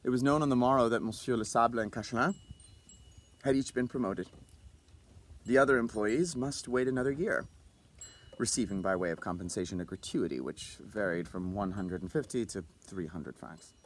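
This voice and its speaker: A man reading a classic short story aloud as narrator, in an expressive manner. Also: lowish voice, normal speed.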